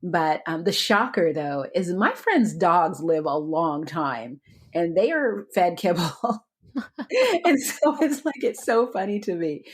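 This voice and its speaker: Low-voiced woman podcast co-host. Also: lively intonation, slow, breathy edge. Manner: chatty, laughs often, trailing restarts. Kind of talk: casual chat.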